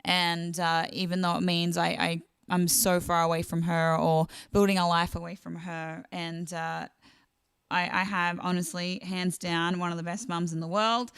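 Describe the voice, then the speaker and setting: A woman's voice: on the low side, flat delivery, moderate pace, clear, resonant tone. Woman chatting on her live stream. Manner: chatty and warm-hearted, reading out viewer comments. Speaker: singer-songwriter hosting a live stream. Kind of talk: casual live-stream chat.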